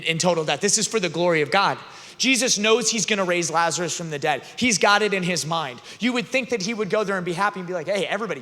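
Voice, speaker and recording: A man gives an earnest youth talk in a high, bright voice, shifting from casual asides to loud, emphatic passages. His voice rings through a large arena with a long reverb tail. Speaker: youth conference speaker.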